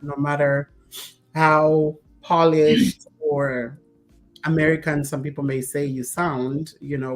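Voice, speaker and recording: A woman from Zambia, co-hosting a talk show in casual chat, telling stories and laughing often. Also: deep voice. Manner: laughing often, relaxed storytelling.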